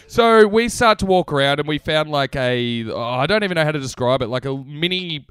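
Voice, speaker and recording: A young man telling a story as a podcast co-host, animated and laughing often. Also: on the high side, a little fast, slight background noise. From Australia. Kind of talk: casual storytelling chat.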